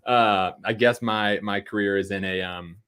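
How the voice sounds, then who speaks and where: A man's voice: fairly low pitch, steady tone, normal speed, fairly bright tone, clear, resonant tone. A man in his thirties from Virginia, a podcast guest chatting casually with self-deprecating jokes and lots of fillers. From Virginia, USA. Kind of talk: casual interview chat.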